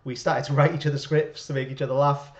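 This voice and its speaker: A man co-hosting a live script-reading stream, chatty and quick to laugh and encourage. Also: mid-range voice, little pitch movement, highs cut off. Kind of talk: casual chat.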